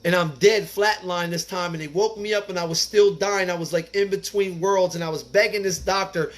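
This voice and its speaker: A man with a high-pitched voice reads a recovery text aloud and stops often to add his own earnest, informal commentary. His delivery is casual, full of "like" and "man", and he comes back to the text after each aside. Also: fairly even intonation, brisk, few pauses. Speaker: recovery speaker reading the Big Book. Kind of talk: reading aloud with personal commentary.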